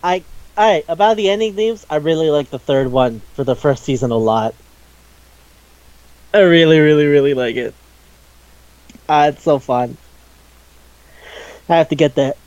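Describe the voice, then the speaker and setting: A man's voice: on the high side, expressive, normal speed, pauses often, a little mellow, dry recording. A man with a slightly raised voice chats eagerly about an anime he loves, rambling between thoughts and laughing along the way. The recording is dry and close with a muffled, lo-fi edge. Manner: enthusiastic, rambling, laughs often, acts out scenes. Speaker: podcast co-host. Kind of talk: casual anime review chat.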